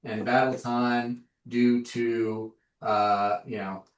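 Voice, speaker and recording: A man running a tabletop game as game master, narrating haltingly with many fillers. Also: medium pitch, level tone. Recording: echoey room, distant mic.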